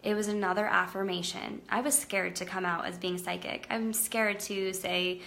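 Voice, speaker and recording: Young woman, casual livestream chat, earnest and rambling, clear bright tone. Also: medium pitch, level tone, moderate pace. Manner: chatty, earnest, lots of "like" and "um" fillers. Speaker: psychic business owner. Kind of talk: casual Facebook Live talk.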